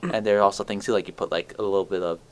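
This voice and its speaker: A man's voice: on the low side, fairly even intonation, rapid-fire. A teenage boy on a school podcast, chatting casually with lots of restarts and filler words. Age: teens. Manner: rambling, many likes and restarts. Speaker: podcast host. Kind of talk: casual chat.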